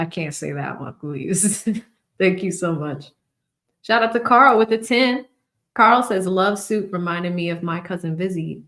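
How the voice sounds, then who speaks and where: A woman hosting a live trial-watch stream, chatting casually, reading viewer messages and telling a funny story with frequent laughs. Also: fairly low pitch.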